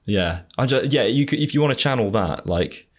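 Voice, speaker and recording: A man's voice: medium pitch, expressive, normal speed. A man with a generic Southern English accent hosting a podcast in casual chat, often trailing off with fillers. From England. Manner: hesitant, trailing off with many fillers. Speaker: podcast host.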